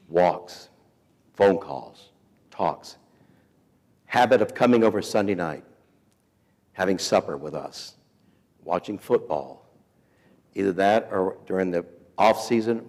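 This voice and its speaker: A man in his fifties telling a story as a sermon to students, folksy and animated, acting out the people he quotes. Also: on the low side. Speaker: week of prayer speaker. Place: school chapel or auditorium. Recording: hall reverb.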